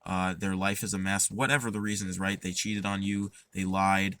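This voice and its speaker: Bright-voiced man giving earnest advice. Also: low voice, flat delivery, moderate pace, a little hiss or hum. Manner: earnest, rambling with many fillers and restarts. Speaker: podcast host. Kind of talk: casual advice talk.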